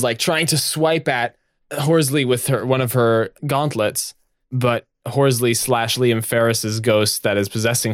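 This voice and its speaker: A man narrating a tabletop role-playing game as game master, animated and full of fillers. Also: mid-range voice, no room sound, clean studio sound.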